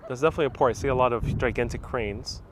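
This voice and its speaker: A man's voice: mid-range voice, very fast, a little hiss or hum. A Spanish-speaking man hosting a live tour stream outdoors, chatting casually, laughing often and reading viewer comments aloud. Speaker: travel vlogger, live-stream host. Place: outdoors at a hilltop historic site. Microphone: phone on a gimbal with a wireless mic.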